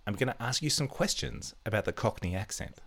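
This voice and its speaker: A man co-hosting a casual podcast and running a quiz for his co-host. His voice sits very low, and his manner is playful and teasing. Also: lively intonation, a little fast, vocal fry, fairly bright tone. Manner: playful, chatty, teasing quizmaster. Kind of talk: casual chat, reading a quiz.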